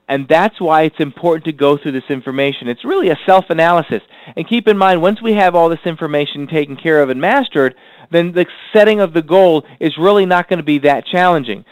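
A man teaching a recorded goal-setting lesson, asking rhetorical questions and repeating key lines slowly for emphasis. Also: a little high, dry recording, low-quality recording. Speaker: self-improvement teacher.

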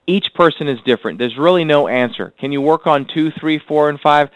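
A man teaching a recorded goal-setting lesson, asking rhetorical questions and repeating key lines slowly for emphasis. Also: on the high side, expressive, no echo, poor audio. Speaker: self-improvement teacher.

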